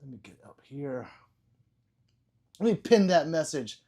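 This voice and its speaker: A man's voice: a little high, expressive, a little slow, mellow, husky. A man hosting a casual livestream, reading viewers' chat messages aloud, joking, laughing and swearing freely. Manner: loose and profane. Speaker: livestream host.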